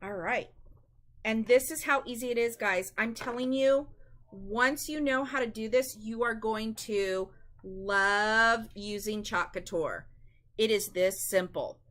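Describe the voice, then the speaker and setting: A woman's voice: fairly high pitch, slow pace, a bit bright. A woman hosting a live-stream craft demonstration, chatty and instructive, often calling her viewers "guys.".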